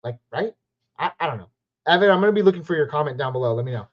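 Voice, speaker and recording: A man's voice: a little high, lively intonation. West coast guy hosting a live q&a, chatty and upbeat, a bit muffled and lo-fi. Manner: chatty, upbeat, quick verdicts. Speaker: fantasy football live stream host. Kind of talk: live Q&A chat reading viewer questions. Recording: slightly muffled lo-fi stream audio.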